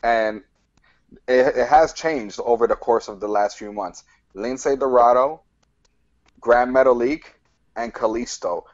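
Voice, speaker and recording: A man's voice: medium pitch, unhurried, pauses often, muffled recording. A man co-hosting a casual wrestling podcast, enthusiastic as he gives his opinions. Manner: enthusiastic, ranks and opines. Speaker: podcast co-host. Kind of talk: casual wrestling review chat.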